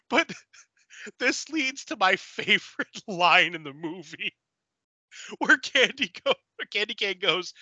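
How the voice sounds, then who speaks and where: A man co-hosting a podcast, recapping a movie in casual chat, animated and laughing often. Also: high voice, slow pace, pauses often, no echo, muffled recording. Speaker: podcast co-host.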